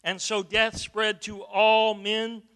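Male preacher, high, very bright tone, emphatic sermon delivery. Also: monotone, slow, clean tone. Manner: emphatic, rising to loud stresses, repeats words.

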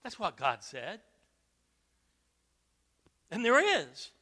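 A man preaching a sermon, emphatic, with repeated words and loud stressed phrases. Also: high-pitched, huge pitch swings, extremely slow.

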